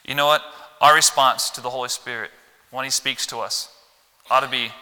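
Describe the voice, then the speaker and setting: Bright, animated Midwestern man preaching. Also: normal speed, clear, resonant tone. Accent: Midwestern American. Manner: animated, folksy, swings from loud emphasis to low asides. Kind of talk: Wednesday church sermon. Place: church sanctuary. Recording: long hall reverb.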